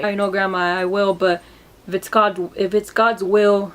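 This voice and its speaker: A young woman recounting a personal memory in a vlog, emotional and halting, often repeating and restarting her words. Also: mid-range voice, level tone. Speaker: vlogger.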